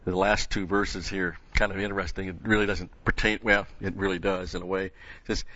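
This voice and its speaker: A man's voice: sits low, flat delivery, fairly quick, bright, forceful tone, highs cut off, slight background noise. A man preaching a sermon who reads scripture aloud with rising emphasis, then explains it in plain asides.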